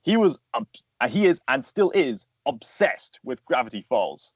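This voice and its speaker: A man's voice: medium pitch, very animated, moderate pace, slightly rough, no room sound, lo-fi sound. A man, a voice actor and animator, talking as a guest in a casual interview, explaining earnestly at length with plenty of fillers.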